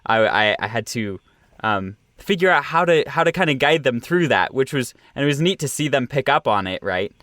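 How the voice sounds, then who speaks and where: A man's voice: mid-range voice, lively intonation, a bit bright, dry recording, studio quality. A young man, an audio producer and director, talking in a casual interview with many fillers and restarts. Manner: halting, many fillers and restarts, laughs often.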